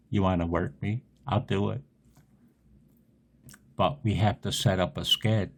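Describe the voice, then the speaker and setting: A man's voice: low voice, fairly even intonation, unhurried. A man rambling through a casual amateur radio vlog, silly and laughing often, with a strained throat.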